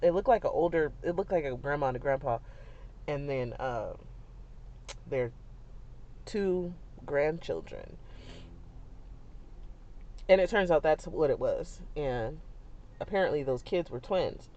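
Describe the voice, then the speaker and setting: A young woman, a mother, telling a family story in a chatty, animated way, with many fillers and frequent laughs. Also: deep voice, measured pace, long pauses. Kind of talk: casual storytelling vlog. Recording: dull lo-fi sound.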